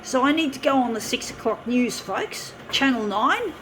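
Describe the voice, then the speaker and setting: A woman's voice: a little high, expressive, moderate pace, a bit bright, a little hiss or hum. A woman ranting angrily to her viewers, swearing and repeatedly calling them "folks.". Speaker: vlogger. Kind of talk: ranting monologue to camera.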